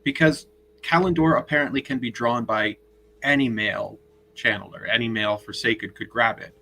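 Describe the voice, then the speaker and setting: A man's voice: mid-range voice, brisk, vocal fry, bright, forceful tone, a little hiss or hum, rough recording. A man joining a casual podcast chat, laying out story details at length.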